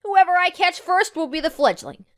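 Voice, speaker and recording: A woman's voice: very high-pitched, big pitch swings, normal speed, a bit bright, dry recording, studio quality, voice pushed up, exaggerated voice. A woman reading a fan audiobook and voicing a cocky young female pegasus pony who leads a vampire pack, brash and teasing. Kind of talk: audiobook character voice.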